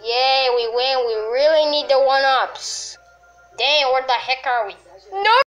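A woman commenting on a game she is playing, excitable and full of yelps and exclamations. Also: high-pitched, measured pace, faint music behind. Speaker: gamer. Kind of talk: let's play commentary.

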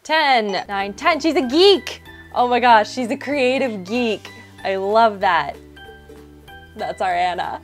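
A young woman hosting casual gameplay commentary, chatty and excitable, narrating each step aloud. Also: fairly high pitch, slow, soft background music. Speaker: gaming YouTuber, host.

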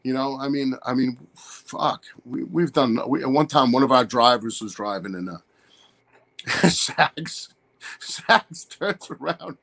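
A man appears as an interview guest, a wrestler, telling crude stories in a rambling way and laughing through them in casual conversation. His medium-pitched, fairly bright voice is animated but slow, with vocal fry.

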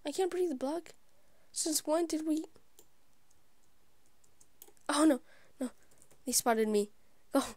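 A woman hosting her gaming channel, giving live gameplay commentary; excitable and easily frustrated, she often drops into whispered asides. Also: high-pitched, slow, pauses often, no room sound. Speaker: YouTube gaming channel host.

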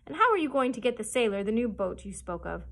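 A woman's voice: on the high side, very animated, quick pace, a bit bright. A woman voicing a bossy female duck housekeeper who scolds and insists, reading a storybook aloud. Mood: scolding.

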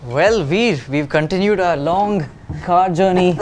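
A man's voice: high-pitched, a little slow, soft background music. A man from India hosting a food show, enthusiastic in casual chat and reacting with frequent murmurs. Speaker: host.

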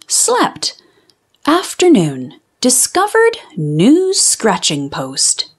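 A woman's voice: a little high, breathy edge, heavily acted. A woman reading as a sleepy, bossy wombat. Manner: deadpan diary entries, sleepy words whispered. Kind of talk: children's storybook reading.

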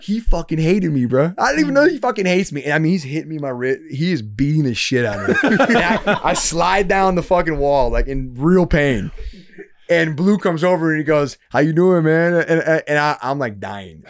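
Profane, animated man telling stories. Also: on the high side, normal speed, no echo, clean studio sound. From Dearborn, Michigan, US. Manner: profane, animated, repeats himself when excited. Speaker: podcast guest. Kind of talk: casual storytelling.

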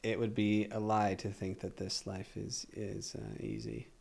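A man in casual podcast chat as a guest, telling lively stories and then turning soft and reflective. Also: fairly low pitch, gravelly, breathy edge. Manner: animated storyteller, acts out quoted voices; slows and drops to soft reflective tone.

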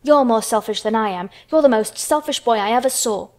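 A woman voicing a sour, spoiled ten-year-old girl with sharp, scornful retorts in a storybook reading. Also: a little high, brisk, lightly acted.

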